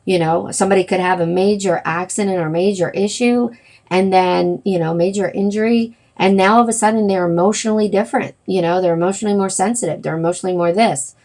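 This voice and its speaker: A woman's voice: medium pitch, fast, darkish tone. A middle-aged woman hosting a wellness livestream, talking casually and rambling, with many fillers and self-corrections.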